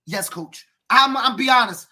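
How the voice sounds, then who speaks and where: Podcast co-host, male youth football coach, bright husky voice, preachy, bursts into shouts. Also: very high-pitched, measured pace. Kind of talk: animated podcast storytelling.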